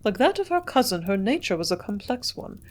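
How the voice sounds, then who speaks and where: Woman narrating a classic novel, measured. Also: medium pitch, sing-song. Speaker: audiobook reader.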